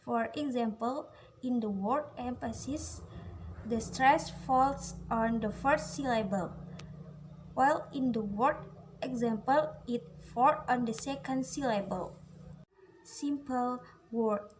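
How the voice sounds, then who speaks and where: Young woman, Indonesian accent, high voice, slow careful scripted class presentation. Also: noisy background. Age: young adult. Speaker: student presenter.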